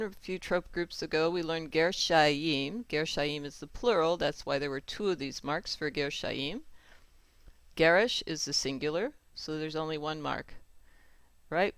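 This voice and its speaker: Unhurried teacher going over chanting rules, smooth clear voice, dry close mic. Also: mid-range voice, fairly bright tone, no echo. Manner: patient, repeats rules and checks with "right?". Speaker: teacher of Torah cantillation. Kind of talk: step-by-step lesson with sung examples.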